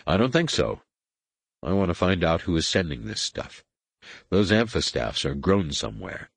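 Guy doing a dry sarcastic old captain dad, deep voice, dead dry sound. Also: very animated, moderate pace, creaky, slightly rough, dry recording, heavily acted. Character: older male ship captain, wry sarcastic father.

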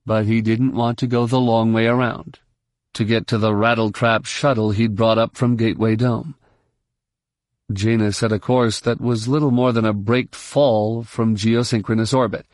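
Steady male audiobook narrator, dry sound. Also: on the low side, normal speed, no echo. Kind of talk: scripted narration.

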